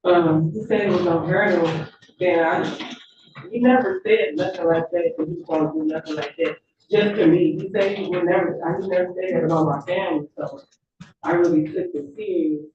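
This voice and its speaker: A woman gives courtroom testimony, halting and repeating her words as she goes. The sound is roomy and distant, picked up from across the courtroom on a dull, lo-fi system. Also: on the low side, crowd noise. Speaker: witness. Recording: echoey distant courtroom audio, lo-fi.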